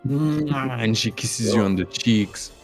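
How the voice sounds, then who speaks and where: A male game master describing a tabletop game scene, unhurried and halting, often searching for the right word. His voice sits low, with faint music playing in the background. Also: steady tone. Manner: halting, full of fillers and restarts, searching for words.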